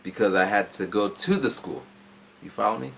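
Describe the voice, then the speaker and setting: A man's voice: fairly low pitch, moderate pace, creaky, fairly bright tone, a little hiss or hum. A man in his forties telling a long, rambling story in a casual vlog from home, jumping around as he goes. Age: 40s. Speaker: vlogger. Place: at home indoors.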